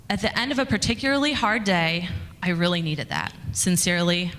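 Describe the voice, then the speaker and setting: A woman with a fairly low, fairly bright voice talks fairly quickly as she tells a story to a conference audience, chatty and conversational, full of fillers and restarts. She is a communications director speaking at a conference, recorded in a reverberant conference hall.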